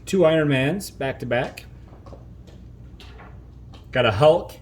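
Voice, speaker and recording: A man's voice: a little high, animated, takes it slowly, slight background noise. A man in his thirties hosting a playful family video at home, jokey and mock-pompous as he introduces toys. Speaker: host.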